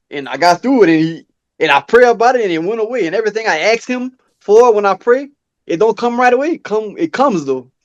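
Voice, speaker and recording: Podcast co-host, man, high voice, earnest casual storyteller. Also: muffled recording. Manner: earnest storytelling, acts out quoted dialogue in a high voice.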